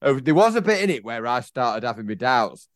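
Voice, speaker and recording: A man's voice: mid-range voice, big pitch swings, fairly quick, no room sound, studio quality. A man co-hosting a podcast, telling jokey rambling stories in casual chat. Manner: rambling, jokey storytelling with fillers. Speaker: podcast co-host.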